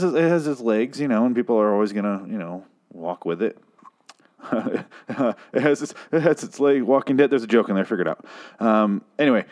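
A male podcast host rants through a casual review, sarcastic and exasperated, swearing freely. His voice sits a little low. He sounds like a young adult. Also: a little mellow.

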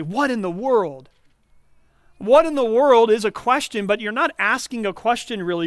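Guy preaching in church, higher voice, smooth and clean, dry sound. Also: a bit bright, dry recording. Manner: clear, measured teaching with explanatory asides. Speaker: pastor. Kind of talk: sermon.

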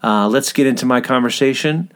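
A man's voice: medium pitch, fairly quick, very noisy. A middle-aged man from the American South with a Southern accent, hosting a podcast in a chatty, rambling way with frequent fillers. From Southern United States. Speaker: podcast host. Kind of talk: casual podcast monologue.

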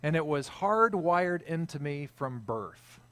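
A man's voice: on the high side, expressive, takes it slowly, a bit bright, no echo. A middle-aged pastor delivers his sermon like a friendly chat, slipping in self-deprecating asides and plenty of small hesitations. His voice sits a little above the usual for a man. The sound is dry and close, with almost no room around it. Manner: conversational, self-deprecating, frequent uh fillers. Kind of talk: sermon with personal storytelling.

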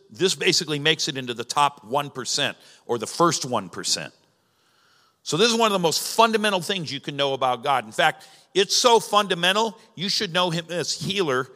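Guy preaching a sermon, bright crisp voice, chatty teaching w big emphatic rises, long hall reverb. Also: on the high side. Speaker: pastor.

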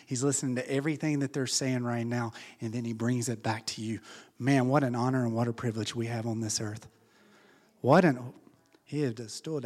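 A man's voice: medium pitch, darkish tone, long reverb tail. A man preaching a sermon in a church. He speaks in an impassioned way and builds to fervent exhortation. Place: church sanctuary.

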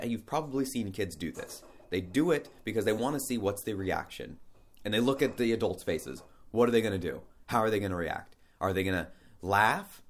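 A man talking through a personal topic in a casual spoken monologue, rambling a little, restarting his sentences and asking rhetorical questions. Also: fairly low pitch.

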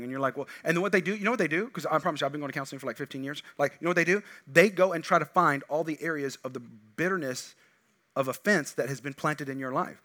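Bright, animated man preaching. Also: fairly high pitch, fast talker. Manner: animated, swings from loud emphatic bursts to quiet asides. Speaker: pastor. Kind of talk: sermon.

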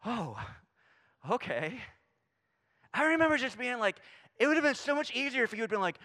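A man preaching a sermon, animated and conversational, acting out quoted voices and dropping to a hush for emphasis. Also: extremely high pitch, normal speed, long pauses. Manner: animated, swings from loud emphasis to hushed near-whisper; acts out quoted voices, casual fillers like "I mean" and "right?". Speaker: pastor.

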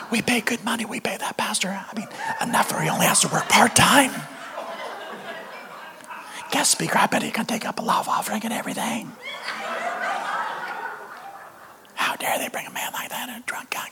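A man voicing indignant church members who gossip in a whispered role-play, high and hissing. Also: fairly quick, lightly acted. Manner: scandalized, hissing whisper, pitched up.

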